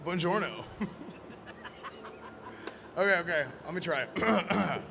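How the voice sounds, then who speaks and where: A man presenting in costume at a live event, joking and rambling loudly. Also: sits high, lively intonation, slow, vocal fry, long pauses. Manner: playful, rambling, loud. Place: convention event floor. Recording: noisy convention floor.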